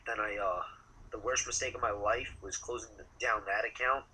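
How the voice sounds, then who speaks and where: Male guest in a casual interview, very bright and forceful tone, rambling and loose with curse words. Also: fairly low pitch, fairly even intonation, a little hiss or hum, poor audio. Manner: rambling, halting, casually profane. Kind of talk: casual chat.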